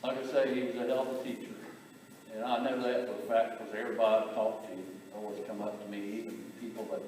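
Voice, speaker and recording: A man giving a eulogy for his brother, telling family stories in a halting way, repeating words and chuckling. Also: lowish voice, little pitch movement, darkish tone, a little hiss or hum. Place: memorial gathering in a large hall. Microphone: distant camera. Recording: echoey hall from far off.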